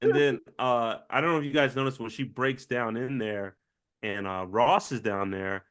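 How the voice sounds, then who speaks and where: A man's voice: mid-range voice, steady tone, moderate pace, fairly bright tone. A man co-hosting a podcast, talking through a show in an easygoing, chatty way and joking with the others. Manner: easygoing, chatty, jokes with the group. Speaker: podcast co-host. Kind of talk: casual reaction chat.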